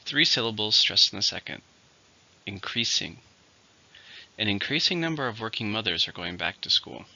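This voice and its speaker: A man teaching English vocabulary in a scripted lesson, saying each word slowly and clearly and then repeating it. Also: fairly low pitch, big pitch swings, pushed and bright. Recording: dull lo-fi recording.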